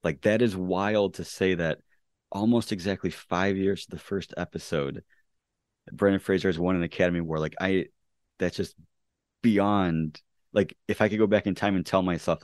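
Male co-host, very deep, dry close mic, earnest and halting. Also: steady tone, dry recording. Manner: earnest, halting, full of fillers. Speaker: podcast co-host. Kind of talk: casual podcast chat.

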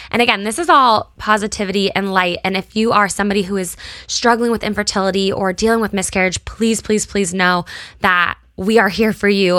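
A young American woman shares a personal story with her audience, sincere and visibly moved, on the edge of tears. Her voice is bright and forward. The recording is close and dry, with no room sound at all. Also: medium pitch, dry recording. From United States. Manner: earnest, emotional, talks to viewers directly. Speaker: small brand founder.

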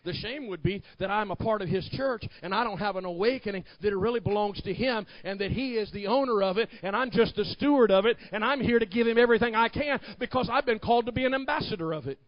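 A man pastor preaching a sermon, rising to shouted climaxes and dropping to hushed storytelling. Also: high-pitched, fast, hardly any pauses, dry recording, highs cut off.

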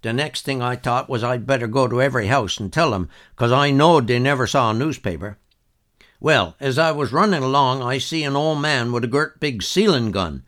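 A man puts on an older Newfoundland storyteller, spinning a yarn in thick folksy dialect. The voice rises higher and fuller as the tale gets exciting, with a lively swing to the pitch. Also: normal speed, close to an everyday voice. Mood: excited yarn.

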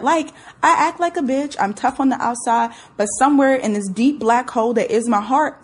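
A woman's voice: high-pitched, a little fast, hardly any pauses, slightly rough. A young woman talking casually to her listeners, candid and brash, swearing freely and reacting with emotion. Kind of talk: casual solo talk to listeners.

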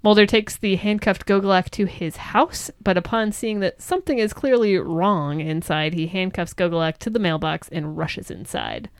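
A woman's voice: on the low side, normal speed, few pauses, smooth, no echo, clean studio sound. A young adult woman co-hosting a podcast, recapping a TV episode in chatty, joking conversation. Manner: chatty, joking, lots of fillers. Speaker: podcast co-host. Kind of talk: casual episode recap chat.

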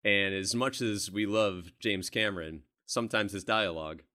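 A man's voice: fairly low pitch, normal speed, sharp tone. A man co-hosting a casual movie podcast, telling stories animatedly and laughing along the way. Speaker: podcast co-host. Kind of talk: casual film discussion.

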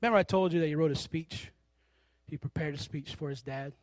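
A man preaching a sermon, telling stories with animated delivery and acting out the people in them. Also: on the high side, fairly quick, dry recording. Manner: animated storytelling, acting out characters.

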